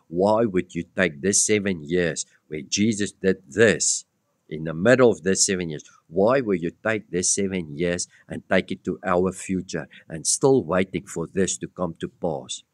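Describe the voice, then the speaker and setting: Male preacher, very low voice, slow deliberate delivery, blunt and emphatic, quizzes his hearers, dry close sound. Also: dry recording. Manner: blunt and emphatic, addresses listeners directly with rhetorical questions. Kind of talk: expository Bible-teaching sermon.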